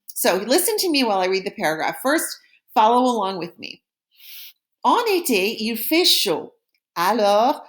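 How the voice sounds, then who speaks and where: A woman teaching a recorded French lesson, explaining in a friendly classroom way and saying model phrases slowly and clearly for repetition. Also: on the high side. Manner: slow, carefully pronounced model phrases for repetition; friendly classroom explaining with small slips and laughs.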